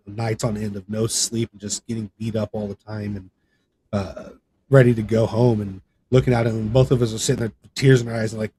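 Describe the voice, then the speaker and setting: Warm and fairly low-pitched, this man's voice moves little in pitch and runs a little fast, with slight background noise behind it. He's a gaming content creator guesting on a podcast, rambling through a personal story with fillers and restarts, his voice shooting up when he reenacts others.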